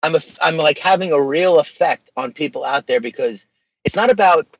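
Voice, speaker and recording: On a podcast, a social media page creator speaks in a fairly quick, higher-pitched voice, casual and emphatic with plenty of slang. The interview audio has no echo but sounds dull.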